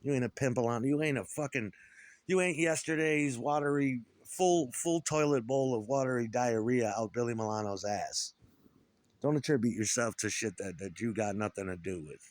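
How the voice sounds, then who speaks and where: A man's voice: mid-range voice, normal speed, no echo. A middle-aged man from upstate New York, a former punk musician, talking alone in a profane, rambling, aggrieved rant full of restarts. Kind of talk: rambling solo monologue.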